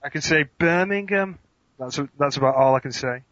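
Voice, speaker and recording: A man, a podcast guest who answers quick-fire questions with dry, deadpan humor. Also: fairly high pitch, dry recording, highs cut off. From England.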